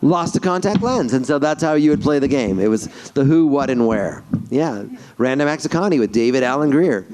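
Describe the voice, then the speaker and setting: A man, a voice actor on a convention panel, telling animated stories and jumping into character voices mid-story. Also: medium pitch, a little fast, hardly any pauses, slight background noise.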